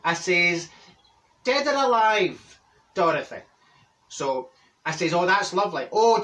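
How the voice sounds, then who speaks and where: A man's voice: high-pitched, sharp tone, recorded from a distance. Marjorie, a brash Glaswegian woman, as a man plays her. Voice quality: chatty, gossipy storytelling with Scots words. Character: brash older Glaswegian woman, gossipy and cheeky. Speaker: comedy character host. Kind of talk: comic character monologue.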